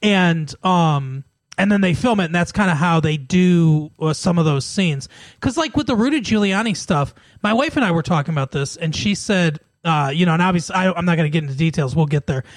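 A man's voice: fairly high pitch, animated, brisk, no echo. A man co-hosting a podcast in casual chat, talking at length and often laughing as he retells scenes. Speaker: podcast co-host.

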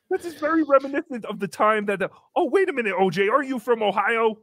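A man hosting a comedy podcast, congested from a cold, talking in a loud, playful, crude way. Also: extremely high pitch, expressive, fast talker, hardly any pauses, no room sound, studio quality. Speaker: podcast host. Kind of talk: comedic livestream chat.

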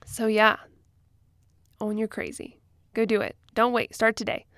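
A woman's voice: a little high, big pitch swings, measured pace, a bit bright, no echo, studio quality. A woman hosting a solo self-help podcast, giving an encouraging pep talk with playful asides and frequent laughs. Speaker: podcast host.

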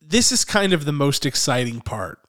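A man's voice: on the high side, sing-song, normal speed, fairly bright tone. A man hosting a movie podcast in casual chat, rambling with lots of fillers. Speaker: podcast host.

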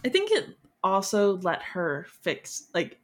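A guest on a podcast, chatting in a relaxed, agreeable way with many short affirmations. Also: medium pitch, takes it slowly. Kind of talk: casual podcast chat.

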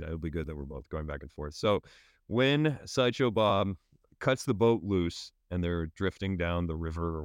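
A man co-hosting a podcast in casual chat, laughing often and stammering when he gets excited. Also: sits low, no echo, clean studio sound. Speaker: podcast co-host.

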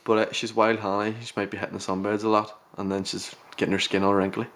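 A man's voice: lowish voice, flat delivery, fast, a bit bright. A young man co-hosting a podcast, telling stories animatedly and swearing. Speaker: podcast co-host. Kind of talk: casual chat.

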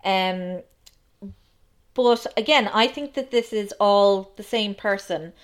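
A woman co-hosts a casual film podcast in a mid-pitched voice. She talks in a chatty, analytical way and fills her pauses with ums. Her points come in a relaxed, conversational flow. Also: smooth. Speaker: podcast co-host.

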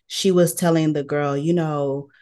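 A woman's voice: deep voice, fairly even intonation, unhurried, dark tone. A woman hosting a podcast who talks candidly and tells personal stories, acting out what others said. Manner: candid, storytelling with acted-out quotes. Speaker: podcast host. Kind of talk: casual conversational chat.

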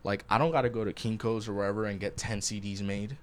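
A man's voice: fairly low pitch, steady tone, fast. A young man co-hosting a podcast, chatting casually and telling stories with a lot of "like" filler. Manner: loose, storytelling, heavy "like" filler. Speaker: podcast co-host. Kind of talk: casual chat.

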